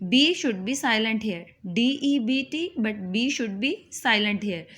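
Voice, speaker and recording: A woman's voice: fairly high pitch, lively intonation, measured pace, fairly bright tone. A woman teaching a reading lesson, spelling words out letter by letter and explaining their meanings. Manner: mixes in Urdu tag questions. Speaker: English teacher.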